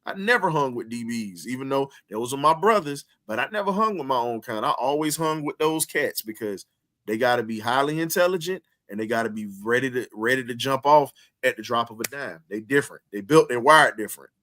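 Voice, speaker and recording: Forceful man preaching sports talk. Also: medium pitch, animated, fairly quick. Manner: emphatic, preaching cadence; repeats phrases for emphasis. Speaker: sports show host.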